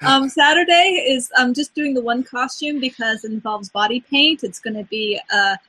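Bright, husky woman chatting. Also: high-pitched, moderate pace, no room sound, low-quality recording. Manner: laughs between phrases, relaxed listing. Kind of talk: casual group chat.

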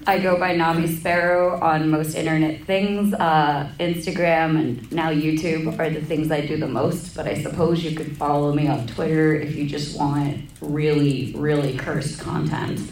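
A young woman with a husky voice speaking as a convention panelist, wry and self-deprecating, in a panel room. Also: deep voice, steady tone, a little slow, few pauses, a little mellow, slight background noise. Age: young adult. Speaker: panelist, cosplayer. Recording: roomy, from far off the mic.

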